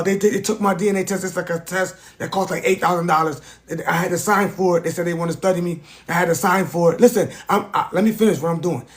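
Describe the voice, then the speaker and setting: A man in his forties, rambling and repeating himself as he hosts a casual live stream and talks straight to his chat. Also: sits high. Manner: rambling, repetitive, addresses chat directly.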